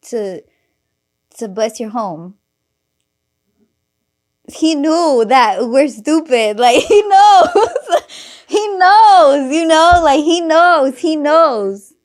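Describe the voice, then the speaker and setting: A woman's voice: a little high, darkish tone. A young woman hosting a podcast, telling a story in casual chat, laughing often and acting out the people she quotes, full of fillers and casual swearing. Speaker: podcast host.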